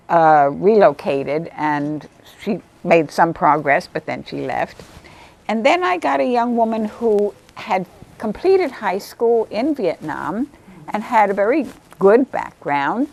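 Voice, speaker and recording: In a lively interview, a woman who volunteers as a literacy tutor shares stories about her students. She's animated and sometimes acts out what they said, putting on a higher voice for the quotes.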